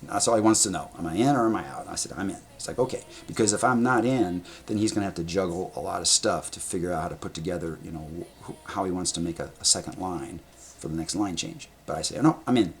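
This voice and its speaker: A deep-voiced man talks fast to the camera set up in front of him as he sits at an indoor table spinning stories. His delivery rambles with animation, full of blunt sound effects and offhand cursing.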